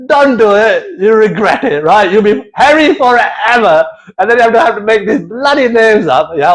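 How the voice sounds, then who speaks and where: A man's voice: high voice, low-quality recording. A man doing a playful comic monologue, swearing freely and slipping into accents as he goes. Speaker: comedian.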